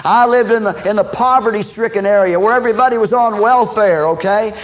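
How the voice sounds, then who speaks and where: A man from Minnesota preaching a sermon as personal testimony, swinging between loud declarations and low confiding tones. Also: a little fast, poor audio.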